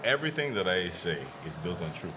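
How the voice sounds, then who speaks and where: A man's voice: deep voice, very animated, fairly quick. A man who is a comedian, chatting casually on a podcast and telling stories animatedly, often repeating words as he starts. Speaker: comedian guest. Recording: noisy ambient background.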